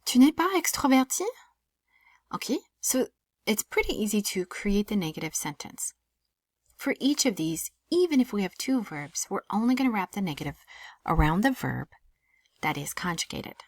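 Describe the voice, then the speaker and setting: A woman French teacher giving a casual recorded lesson, lively and often dropping into a breathy near-whisper. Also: medium pitch, normal speed, no echo, studio quality.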